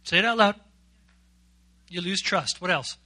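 A man's voice: high-pitched, measured pace, bright, forceful tone, no echo. A man preaching a youth sermon as pastor, playful and jokey, quizzing his young audience.

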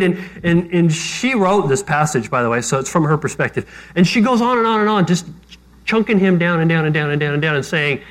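A man's voice: a little high, lively intonation, brisk, fairly bright tone. A man preaching a sermon as pastor, talking conversationally with self-deprecating jokes.

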